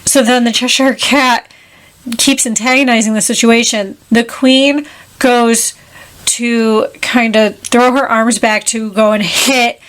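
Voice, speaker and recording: A woman co-hosting a podcast, retelling a film plot in casual chat with animated, quick asides. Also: fairly high pitch. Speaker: podcast co-host.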